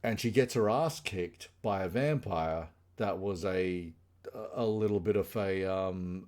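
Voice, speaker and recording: A man with a slightly low voice talks loosely through a TV plot recap on a podcast. He rambles and stacks fillers like "kinda" and "like." His tone is relaxed and conversational. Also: takes it slowly. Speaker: podcast co-host. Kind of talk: casual chat.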